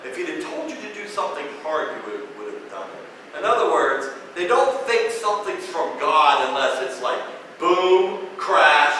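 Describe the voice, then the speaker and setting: A male pastor preaching a sermon in an animated, conversational way, telling the story with comic asides and asking the congregation questions. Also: fairly high pitch. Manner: animated storytelling, acts out characters with comic voices and laughs. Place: church sanctuary. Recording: very echoey church, distant mic, faint noise.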